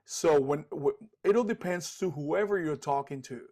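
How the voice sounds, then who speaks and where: A man with a Cuban Spanish accent teaches English in a relaxed lesson voice pitched a little high. He keeps checking in with "okay" and fills pauses with "um". He repeats each example sentence more than once. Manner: repeats example sentences slowly, frequent okays and ums. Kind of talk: casual spoken lesson.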